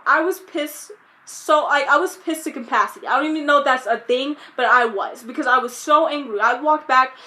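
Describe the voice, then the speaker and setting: A young woman tells a storytime vlog in a bright, high voice. She retells the events with animated exasperation and keeps quoting her own reactions. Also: a little fast. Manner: animated, exasperated retelling with quoted self-talk. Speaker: vlogger.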